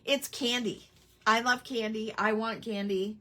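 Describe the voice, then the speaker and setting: A woman's voice: on the high side, fairly even intonation, a little slow, bright, forceful tone. A woman hosting a casual live crafting stream, rambling with lots of ums and chatting back to viewer comments. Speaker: crafting livestream host.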